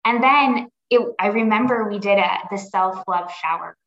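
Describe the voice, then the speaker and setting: A woman talks as a podcast guest in an earnest, reflective way, often restarting mid-sentence as she gathers her thoughts. Her voice sits at a middle pitch. It comes through roomy and dull, with a lo-fi quality. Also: normal speed, fairly bright tone. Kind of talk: conversational interview.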